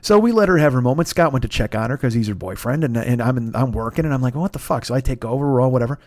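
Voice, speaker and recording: A man tells a casual story on his podcast. His voice sits at a middle pitch and sounds dry and close to the mic. He rambles, swears freely, restarts his sentences and mocks himself as he goes. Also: expressive, very fast, a little mellow, no room sound. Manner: profane, rambling, self-mocking, many restarts. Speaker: podcast host.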